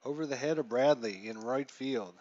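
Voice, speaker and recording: A man streaming a baseball simulation, chatting and calling the plays, reeling off stats and getting louder on big hits. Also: medium pitch, moderate pace, dull audio. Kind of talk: casual play-by-play commentary.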